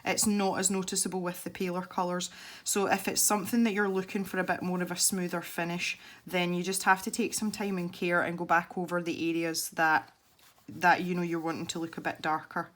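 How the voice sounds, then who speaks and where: Speaking with few pauses, this Scottish woman talks through an art technique for her channel while colouring, rambling and laughing readily. Her voice sits fairly low, with a flat, brisk delivery and a fairly bright tone.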